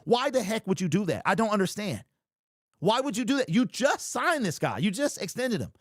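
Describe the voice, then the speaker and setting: A man's voice: high-pitched, very animated, a little fast, no room sound, clean studio sound. A young man hosting a sports livestream, ranting in disbelief and reading viewer comments. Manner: exasperated, incredulous, repeats himself. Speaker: sports show host. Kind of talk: livestream sports rant, reading super chats.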